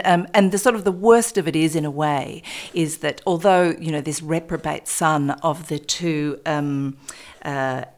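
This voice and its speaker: A woman hosts a radio segment in loose, enthusiastic conversation. Her voice sits low for a woman, and she talks in a friendly, chatty way, with plenty of ums and uhs. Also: gravelly. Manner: chatty, enthusiastic, many fillers. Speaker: radio presenter. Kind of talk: casual radio chat.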